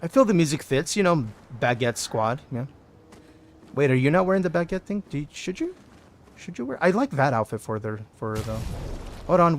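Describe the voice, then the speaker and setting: A man's voice: mid-range voice, slight background noise. A man streaming a video game, chatting casually with his viewers and thinking aloud as he plays. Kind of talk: casual gameplay commentary.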